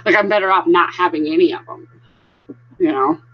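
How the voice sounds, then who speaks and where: A woman's voice: fairly low pitch, fairly quick, a little hiss or hum. A woman hosting a casual live stream, chatting with viewers and greeting them by name. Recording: dull lo-fi sound.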